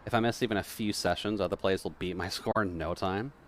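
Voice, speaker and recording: Impatient young male gamer from a video game, read aloud by a male streamer, deep, complaining, near his own voice. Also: steady tone, a little fast, slight background noise, natural voice.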